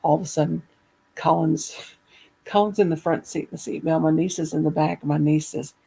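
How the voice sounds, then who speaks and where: A middle-aged woman telling a funny story in a casual chat, animated and laughing as she goes. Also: sits low, moderate pace, creaky, breathy edge, low-quality recording. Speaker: caller.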